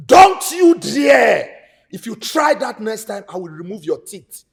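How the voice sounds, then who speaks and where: A man with a Nigerian accent playing a defensive eldest son who is quick to threaten in a film drama. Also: high-pitched, sing-song, crowd noise. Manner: threatening, blustering.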